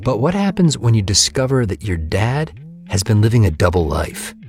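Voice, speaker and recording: A man narrating a podcast trailer. He reads dramatically, and his pitch moves widely. Faint music plays behind him. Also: big pitch swings, moderate pace, darkish tone. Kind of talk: scripted promo narration.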